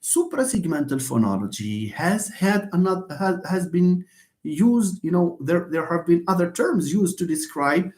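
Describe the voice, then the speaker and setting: At normal speed, a lively-pitched linguistics lecturer teaches phonetics in a live online lecture. He asks and answers his own questions, repeats key points, and greets viewers by name as his friends.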